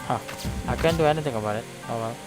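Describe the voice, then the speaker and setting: A man's voice: mid-range voice, fast, rough recording. Indonesian-accented man streaming a game. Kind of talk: reading game dialogue aloud. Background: game music.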